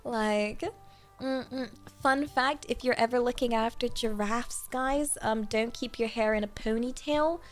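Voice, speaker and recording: A woman's voice: fairly high pitch, steady tone, a little slow, faint music behind. A woman chatting casually on her livestream, rambling with many fillers and giggling often. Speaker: streamer.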